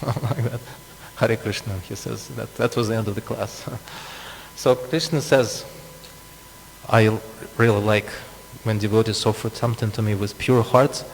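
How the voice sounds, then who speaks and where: A man's voice: on the low side, vocal fry. A man preaching a scripture class, explaining with asides and frequent chuckles. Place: temple hall. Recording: long reverb, faint hum.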